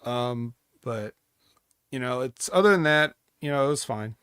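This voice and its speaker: A man co-hosting a wrestling podcast, measured and dryly skeptical, reasoning his way through points. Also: medium pitch, lively intonation, a bit bright, smooth, no room sound, clean studio sound. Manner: measured and dryly skeptical, talks himself around. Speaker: podcast co-host. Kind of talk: casual wrestling chat.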